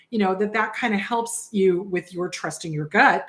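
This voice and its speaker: A woman therapist hosts a relaxed advice show and talks to viewers in a chatty, direct way. She often repeats words for emphasis. Her voice is mid-pitched and sounds a little worn out. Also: normal speed. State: slightly worn-out voice. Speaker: therapist host answering viewer questions. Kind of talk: casual live advice talk.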